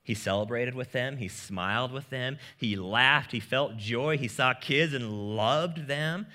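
A man preaching a sermon as pastor, in a casual, joking manner with lively asides. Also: medium pitch, measured pace.

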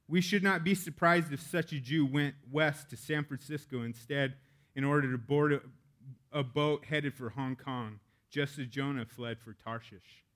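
Casual, candid male preacher. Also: fairly high pitch. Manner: casual and candid, joking asides. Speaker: pastor. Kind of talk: sermon.

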